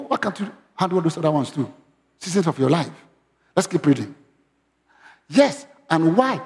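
A male pastor, preaching a sermon in church and often asking the congregation questions. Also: fairly high pitch. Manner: interactive, asks congregation questions; animated, raising voice when quoting. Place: church hall. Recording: long hall reverb.

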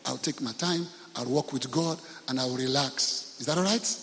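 A man's voice: mid-range voice, moderate pace, a bit bright, long reverb tail, slight background noise. A man with a Nigerian accent, a pastor preaching a sermon in church, telling stories with humor and often asking the congregation questions.

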